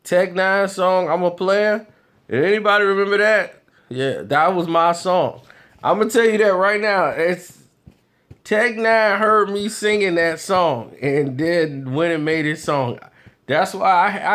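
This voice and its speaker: A man vlogging, telling casual stories in an animated, loose way with frequent laughs. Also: high voice. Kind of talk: casual storytelling.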